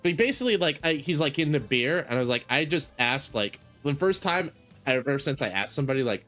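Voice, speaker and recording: A man's voice: a little high, animated, fast, a bit bright, faint music behind. A man streaming a shop simulator game, chatting casually in a rambling way, full of fillers. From United States. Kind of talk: casual gaming commentary.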